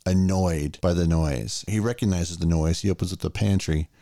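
A man with a very low, gravelly voice walks through a movie's plot in casual podcast chat. His tone is dark and mellow, recorded dry and close. He jumps into the characters' lines as he retells the scenes. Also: moderate pace, no echo. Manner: animated retelling, acting out lines. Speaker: podcast co-host.

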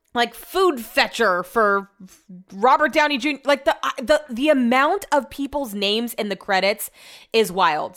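A woman's voice: medium pitch, fairly bright tone. Chatty woman rambling on her podcast. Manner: chatty, rambling, quick to laugh. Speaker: podcast host. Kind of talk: casual solo chat.

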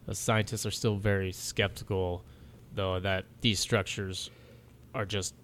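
Male podcast host, low, relaxed, jokey note-reader, faint background hiss. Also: a little slow. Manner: laughing, swearing, loose narration. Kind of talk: casual chat, reading notes.

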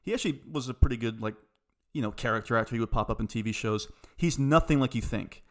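A man's voice: mid-range voice, fast. A man hosting a podcast, chatting casually about a horror film and telling stories. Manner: relaxed storyteller, reads quotes aloud. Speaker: podcast host.

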